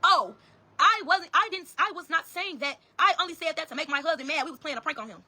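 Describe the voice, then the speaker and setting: High, fast-talking woman telling a story. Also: expressive, sharp tone. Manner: profane, emphatic, addresses listeners as y'all. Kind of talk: casual storytelling to viewers.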